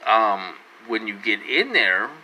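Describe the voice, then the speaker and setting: A man's voice: on the low side, big pitch swings, slow pace, sharp tone, slight background noise, poor audio. A man from Minnesota talking casually to his viewers in a rambling, repetitive way, with lots of "you know" and restarts. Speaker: vlogger. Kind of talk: casual monologue to camera.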